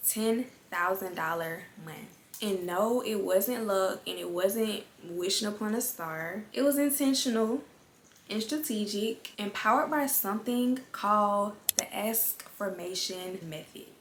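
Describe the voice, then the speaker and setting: A woman's voice: medium pitch, unhurried. A woman giving a casual motivational talk to her viewers, chatty and direct, often calling the listener "girl" and repeating words for emphasis. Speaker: vlogger. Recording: echoey room with faint ambient noise.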